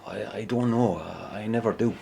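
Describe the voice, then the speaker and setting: A man's voice: on the low side, normal speed, gravelly, warm tone, soft background music. An actor playing a rambling, superstitious pub storyteller with an Irish accent, stammering as he spins his tales on a theatre stage. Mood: uneasy. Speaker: pub regular telling a story. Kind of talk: filmed stage play acting. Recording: long stage reverb.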